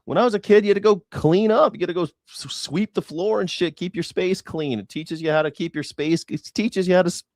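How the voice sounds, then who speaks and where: A man's voice: high voice, a little fast, few pauses, darkish tone, dry recording. Sarcastic swearing male commentator. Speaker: news reaction host.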